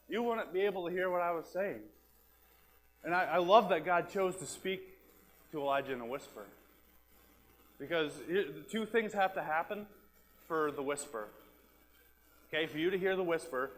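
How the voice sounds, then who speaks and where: A man's voice: sits high, poor audio. A man preaching a sermon as pastor, talking plainly and repeating his key phrases, sometimes dropping to a whisper. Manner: drops to a whisper to make a point, then back up.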